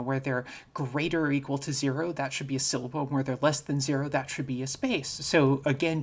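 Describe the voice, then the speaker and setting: A speaker giving a recorded virtual conference talk, explaining casually and thinking aloud with frequent restarts. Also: mid-range voice. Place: home, recorded remotely.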